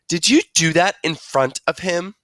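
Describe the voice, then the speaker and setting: A man's voice: high-pitched, animated, a little slow, fairly bright tone, no echo, studio quality, pitched above the performer's own voice. A man voicing a firm, scolding mother in a storybook read-aloud. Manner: scolding, lecturing.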